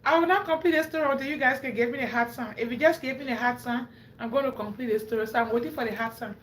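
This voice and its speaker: A woman from Africa, hosting a livestream and telling a story in an animated way, laughing often and acting out quotes. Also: fairly high pitch, racing, echoey room, a little hiss or hum. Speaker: livestream host. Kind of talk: animated storytelling to a live audience.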